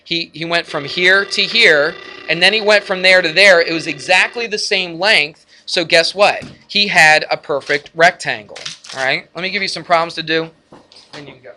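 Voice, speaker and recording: A man teaching a math lesson to his class, lively and energetic, often asking the students questions. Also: a little high, moderate pace, slight background noise. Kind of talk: classroom lecture.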